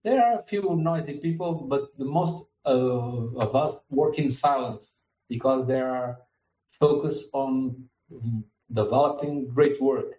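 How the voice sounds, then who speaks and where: Mellow fifties man in an echoey room. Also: mid-range voice, slow pace. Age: 50s. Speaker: podcast host. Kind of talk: casual podcast chat.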